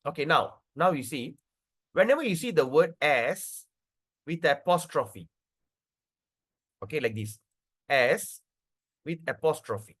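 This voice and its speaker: Lively man teaching a scripture class. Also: on the high side, husky. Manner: lively, repeats words and checks in with "okay" and "right"; spells out pronunciation slowly.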